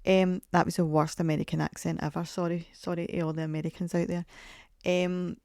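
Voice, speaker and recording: Gravelly woman rambling on a podcast. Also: fairly low pitch, little pitch movement, a little fast, darkish tone, dry recording, studio quality. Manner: chatty, rambling storyteller, self-mocking. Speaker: podcast host. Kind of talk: casual podcast monologue.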